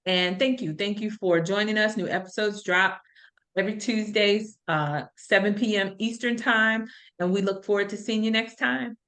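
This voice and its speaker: Middle-aged woman host on a chatty podcast, earnest and reflective, mid-pitched voice. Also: fairly even intonation, normal speed, a bit bright. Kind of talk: casual podcast conversation.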